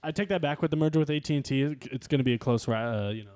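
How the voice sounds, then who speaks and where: A man's voice: medium pitch, rapid-fire, darkish tone. Chatty man in casual talk. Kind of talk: casual chat.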